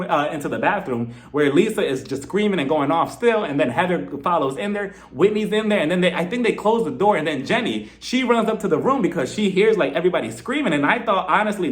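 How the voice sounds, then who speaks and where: Chatty man recapping reality TV. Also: high voice. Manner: chatty, amused, laughs often. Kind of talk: casual recap commentary.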